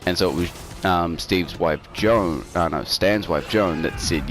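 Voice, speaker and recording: A man's voice: low-pitched, moderate pace, music in the background. A man co-hosting a casual online show, talking through a story in a rambling way, full of fillers and restarts, over an online call. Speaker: co-host. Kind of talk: casual podcast chat over a game stream. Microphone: home mic over an online call.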